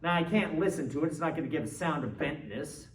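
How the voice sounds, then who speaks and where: A man's voice: on the high side, quick pace. A man teaching a philosophy class in a conversational way, quizzing his students and checking in with them often. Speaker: philosophy lecturer. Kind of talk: classroom lecture. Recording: roomy classroom, distant mic, faint noise.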